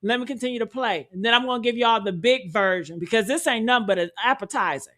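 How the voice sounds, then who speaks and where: A woman giving heated, profane reaction commentary, talking loudly and indignantly and calling out to her viewers. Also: a little high, quick pace. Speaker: commentary streamer.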